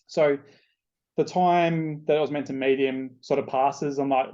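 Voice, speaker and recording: A man's voice: mid-range voice, steady tone, measured pace, warm tone, highs cut off. A man with an Australian accent hosting a podcast, telling a casual story with plenty of swearing. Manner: chatty, loose, swears freely. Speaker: podcast host.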